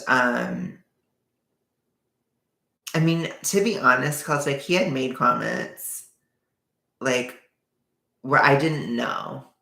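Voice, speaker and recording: A man's voice: medium pitch, creaky, sharp tone, reverberant. A young man telling a personal story in a casual, rambling way, full of fillers and quoted back-and-forth.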